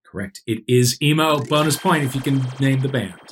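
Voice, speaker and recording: A man's voice: mid-range voice, fairly quick, slightly rough. A man hosting a quiz game in a casual comedy podcast chat, joking as he goes. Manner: playful, joking quizmaster. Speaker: quiz host.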